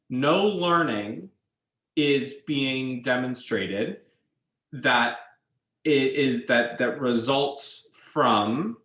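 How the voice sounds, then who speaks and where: Slow, deliberate male lecturer in an echoey room. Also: medium pitch, a bit bright. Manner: measured, explains step by step, checks in with students. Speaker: university instructor. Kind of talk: classroom lecture.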